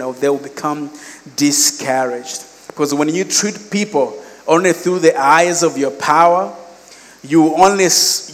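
Slightly high-voiced and heard in a large hall, this Malawian pastor delivers a storytelling sermon, acting out quoted voices with animation and tossing in conversational asides.

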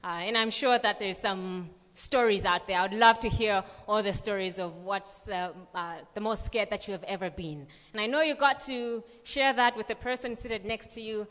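A young woman reading scripture and then telling a lively personal story with many fillers at a church gathering. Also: mid-range voice, normal speed, few pauses. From Malawi. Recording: long reverb of a large hall.

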